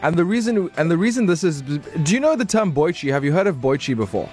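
A man's voice: on the high side, big pitch swings, quick pace, a little mellow, faint music behind. A man hosting a call-in radio show, playful and teasing, laughing often. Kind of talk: casual call-in radio chat. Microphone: studio microphone.

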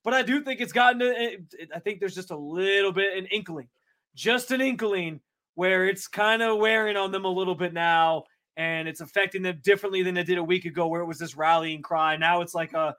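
Sports podcast guy, fairly high voice, laughs a lot, rambles through his takes. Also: steady tone, brisk, pushed and bright. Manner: laughs often, talks in long winding takes. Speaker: podcast co-host. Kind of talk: casual sports chat.

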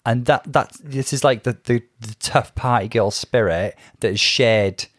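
A man co-hosting a casual podcast, measured and precise, adding dry asides. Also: medium pitch, no echo. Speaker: podcast co-host. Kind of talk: casual chat.

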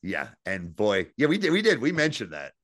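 A man co-hosting a podcast, casually and excitedly recapping scenes, swearing freely and quoting lines. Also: on the low side, normal speed, no echo, clean studio sound. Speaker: podcast co-host. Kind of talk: casual chat.

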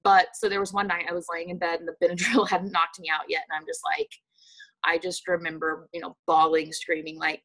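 A young woman from the rural United States recounting a personal loss in a halting testimony full of fillers and restarts. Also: fairly low pitch, flat delivery, fairly bright tone, low-quality recording.

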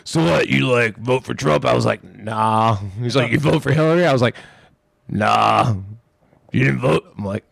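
A man co-hosting a podcast, telling a profane, animated story with quick impressions of others. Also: medium pitch, vocal fry, no room sound, clean studio sound. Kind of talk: casual storytelling chat.

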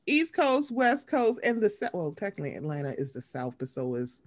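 A woman's voice: medium pitch, a little fast. A young adult woman co-hosting a casual gossip chat about reality TV, swearing freely and acting out what people said. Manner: animated, profane, acts out quoted voices. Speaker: podcast co-host.

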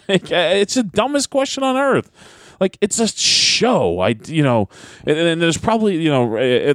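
A man chats on a wrestling podcast in a brash, sarcastic way, swearing as he goes. His pitch swoops up and down as he mocks others. The sound is dry and close. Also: dry recording. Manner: animated, mocking, swears freely. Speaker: podcast co-host and pro wrestler. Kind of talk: casual podcast chat.

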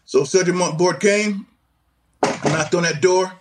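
A man's voice: sits high, moderate pace, background noise. A man in his sixties, an army veteran, telling a story in casual conversation and acting out the voices of the people in it. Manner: animated, acts out voices in quotes.

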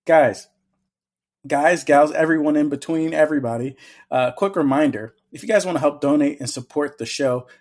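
A man's voice: a little high, fairly quick, a little mellow. Upbeat rambling male podcast host. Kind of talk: casual chat.

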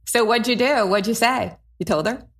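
A woman co-hosting a podcast in casual chat, enthusiastic and quick to giggle. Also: a little high. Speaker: podcast co-host.

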